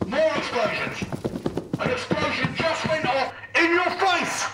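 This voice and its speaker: A man playing a director who talks an actor through a scene with slow, instructive commands. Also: very high voice, echoey room, very noisy. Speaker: director on set.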